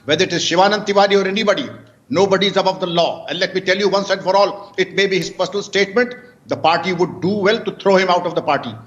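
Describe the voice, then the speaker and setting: A man's voice: high-pitched, fast talker, fairly bright tone, lo-fi sound. A man, a retired police chief speaking emphatically and indignantly as a guest in a live TV debate.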